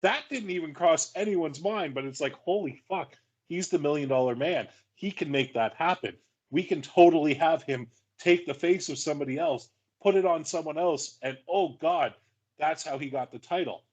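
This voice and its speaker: A man's voice: fairly high pitch, moderate pace. A man co-hosting a podcast, arguing and joking with frequent swearing. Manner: profane, joking, argumentative. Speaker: podcast co-host. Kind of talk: casual podcast banter.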